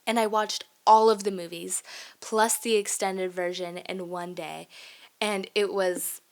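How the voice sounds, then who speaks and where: A young woman talks straight to her viewers in a loose, rambling rant. She leans hard on her points with emphatic repeats, drifts off track and laughs along the way. Her pitch sits in an ordinary middle range. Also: fairly even intonation, unhurried. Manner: rambling and easily sidetracked. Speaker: vlogger. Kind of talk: casual rant monologue.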